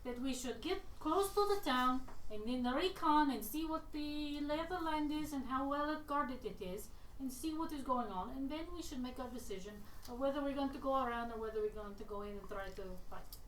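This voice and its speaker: High-voiced woman joking around at a tabletop game, echoey room, mic kinda far. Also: a little fast. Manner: playful, jokey. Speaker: player. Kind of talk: casual tabletop game chat. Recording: echoey room, mic at a distance, faint noise.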